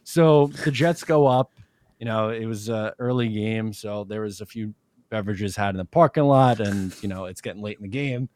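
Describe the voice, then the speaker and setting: A man's voice: on the low side, moderate pace, a little mellow, no room sound. A man in his twenties, a podcast co-host, telling a rambling story in casual sports chat and laughing often.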